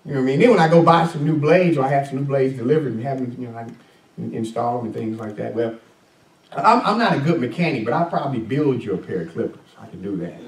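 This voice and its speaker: A man's voice: mid-range voice, animated, fast talker. A male pastor preaching a conversational sermon, full of fillers and questions to the congregation. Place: church sanctuary. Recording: echoey church room, mic at a distance.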